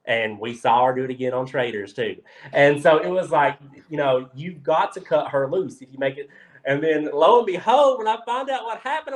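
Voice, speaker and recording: A man from Kentucky, a guest on a casual talk show, telling stories in an excitable, animated way. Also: on the high side, normal speed, low-quality recording. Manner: excitable, animated storyteller with frequent filler "like". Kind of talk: casual chat, storytelling.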